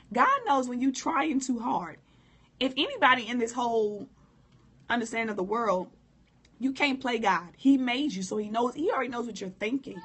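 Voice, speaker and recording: A hoarse woman who coughs now and then, giving a candid, informal live-stream talk on prayer and speaking straight to her viewers. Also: fairly high pitch, a bit bright. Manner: candid, informal, preacherly direct address. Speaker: motivational speaker.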